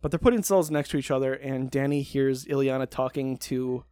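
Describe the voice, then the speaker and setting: A man's voice: mid-range voice, steady tone, fairly quick, warm tone, dry recording. A man co-hosting a podcast, recapping a TV show in casual, sarcastic chat and swearing freely.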